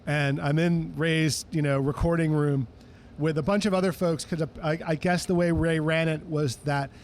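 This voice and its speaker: Male guest, music historian, high voice, animated anecdote-teller. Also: moderate pace, a little hiss or hum. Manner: animated, acts out quoted voices. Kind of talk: casual interview storytelling.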